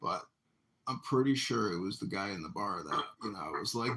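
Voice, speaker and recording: A man hosting a casual livestream chat, telling rambling stories and loudly acting out what people said. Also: medium pitch, brisk. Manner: rambling storyteller, acts out quotes loudly. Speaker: livestream host. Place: apartment. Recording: echoey room.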